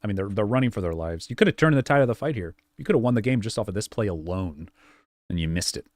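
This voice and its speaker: A man's voice: on the low side, lively intonation, fast talker, darkish tone, dry recording. A man coaching viewers through gameplay on a live stream, direct and repetitive with lots of fillers. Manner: direct, repeats points, many fillers. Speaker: game coach.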